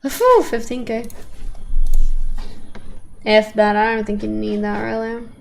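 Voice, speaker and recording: A young woman streams a park-building game with a slightly high voice that carries a gravelly rasp. She talks to her viewers in a chatty, exasperated way, and faint noise sits under the recording. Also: flat delivery, slow. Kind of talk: casual gameplay commentary.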